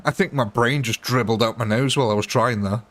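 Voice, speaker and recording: Brief Male game streamer, mid-pitched, casual and rambling, often laughs at his own tangents, chats directly with viewers. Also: moderate pace, fairly bright tone. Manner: rambling and self-mocking, prone to laughing at himself. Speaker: gaming livestream host. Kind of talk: casual live commentary chatting with viewers.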